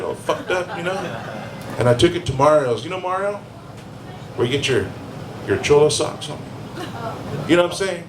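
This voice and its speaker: Male stand-up comic, slightly high voice, crude rambling stories, echoey room, faint ambience. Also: a bit bright, slight background noise. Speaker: stand-up comedian. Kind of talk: stand-up comedy set. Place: live comedy venue.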